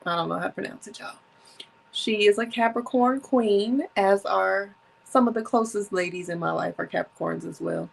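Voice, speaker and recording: A woman's voice: medium pitch, normal speed, creaky, rough recording. A woman in her thirties hosting a solo podcast, chatting casually and reading from her notes, with a runny nose from allergies. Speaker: podcast host.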